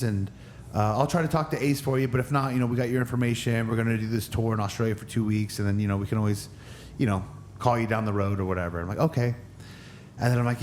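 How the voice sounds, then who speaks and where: A man's voice: lowish voice, steady tone, quick pace, slight background noise. A man who is a guest on a podcast, telling a story with lots of energy and acting out the other people's lines in a raised voice. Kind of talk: animated storytelling.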